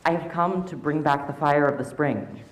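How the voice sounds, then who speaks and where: A man's voice: fairly high pitch, normal speed, natural voice. A man doing a resolute young girl, firm and respectful, echoey hall. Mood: determined.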